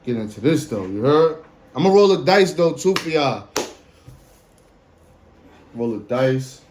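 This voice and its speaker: A man in his late twenties hosting a casual solo podcast, slangy and animated, swinging between a hyped voice and a low drawl. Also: a little slow, slight background noise. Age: 20s. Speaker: podcast host.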